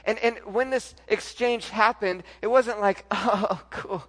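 A pastor preaching a sermon, telling a personal story, moving from soft, intimate lines to loud, emphatic ones. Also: male voice, high voice, measured pace.

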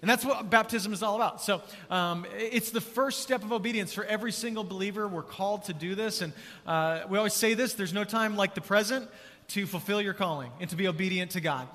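A man preaching a sermon as pastor, casual and energetic, drawing responses from the congregation. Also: sits high, fairly quick. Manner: energetic, conversational, calls for crowd response. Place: large church auditorium. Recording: long church hall reverb.

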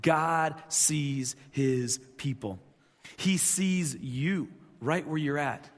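A man's voice: fairly high pitch, extremely slow. A pastor in his thirties giving a conversational sermon in a church, repeating his points with emphasis. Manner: conversational, repetitive, emphatic preaching. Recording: long church hall reverb.

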